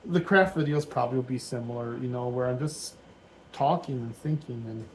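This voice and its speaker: Man in his forties, relaxed build-along vlogger, chatty and meandering, average-pitched voice, dim room at home. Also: moderate pace, a little hiss or hum, low-quality recording. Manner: rambling, thinking aloud, easygoing. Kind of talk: casual build commentary.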